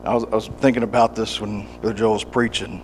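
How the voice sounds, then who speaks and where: A man preaching a sermon, often restarting his words, moving from quiet reflection to fervent, pleading prayer. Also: lowish voice, little pitch movement, fast, faint music behind. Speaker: pastor. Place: church service.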